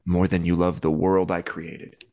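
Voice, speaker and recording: Earnest low-voiced man reflecting. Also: flat delivery, a little slow. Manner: earnest, reflective, bursts into loud pleading when recounting prayers. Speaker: podcast guest. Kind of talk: heartfelt conversation.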